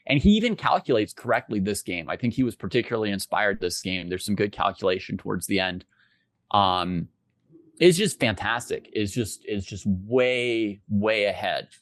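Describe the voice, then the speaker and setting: A man co-hosting a casual podcast chat, speaking in a thoughtful, measured way. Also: lowish voice, lively intonation, no echo. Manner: thoughtful, measured, often says "right?". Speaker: podcast co-host.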